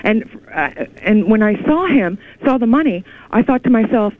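Excited woman caller on a tinny phone line. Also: a little high, moderate pace. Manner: excited, rambling storytelling with many restarts. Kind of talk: call-in radio chat. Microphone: telephone.

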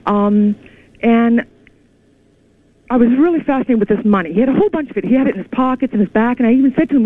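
A woman caller comes through a tinny, phone-like line that sounds dry and close. Her voice sits high for a speaker, and she rambles excitedly through her story, restarting her sentences often. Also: fast, pauses often, no room sound. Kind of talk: call-in radio chat. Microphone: telephone.

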